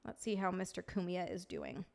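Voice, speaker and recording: A woman's voice: fairly low pitch, moderate pace, creaky, a little mellow. A woman hosting a casual livestream, reading chat aloud, swearing and laughing often. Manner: profane, laughing, reacting to chat.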